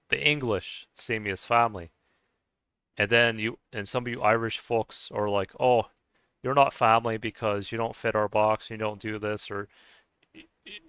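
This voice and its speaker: In a dry recording, a US vlogger with a lowish, slightly bright, clean-toned voice rants casually to camera. He rambles, restarts often, uses many fillers, and swears a lot.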